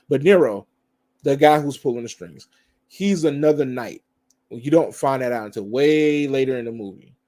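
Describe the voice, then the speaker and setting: Chatty guy reviewing a film, rambling and loose, mid-pitched voice. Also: a little mellow. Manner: rambling, conversational, frequent laughs and fillers. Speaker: movie reviewer. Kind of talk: casual spoiler review.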